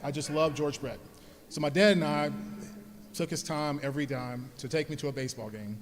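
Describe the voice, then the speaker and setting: A man giving a heartfelt speech at an alumni event, telling personal stories and speaking softly when he thanks his parents. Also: fairly high pitch, fairly even intonation, brisk. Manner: earnest, storytelling, grows soft when thanking his parents. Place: large hall at an alumni event. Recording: long hall reverb.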